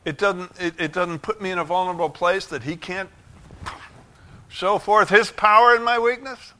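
Bright-voiced fervent male preacher. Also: steady tone, moderate pace. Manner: fervent, rising to shouts of joy then dropping low. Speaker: pastor. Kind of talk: sermon. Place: church sanctuary.

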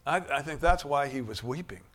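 A man preaching a sermon, shifting from quiet musing to loud, emphatic bursts. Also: medium pitch, animated, normal speed.

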